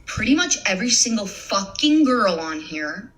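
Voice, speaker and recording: Animated, bright-voiced young woman ranting. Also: medium pitch, normal speed, low-quality recording. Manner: blunt, swears a lot, laughs mid-sentence. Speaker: content creator. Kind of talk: casual profane rant to camera.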